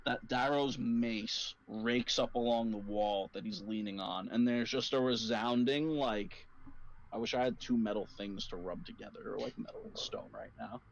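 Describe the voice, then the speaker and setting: A young man runs a tabletop game as its game master, talking casually and rambling with lots of fillers. His voice sits at a middle pitch. The stream audio comes through muffled and lo-fi. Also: steady tone, moderate pace.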